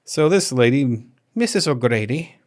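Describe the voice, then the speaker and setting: A man's voice: medium pitch, lively intonation, measured pace. A man hosting a podcast in casual chat, rambling with many restarts and fillers. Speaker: podcast host.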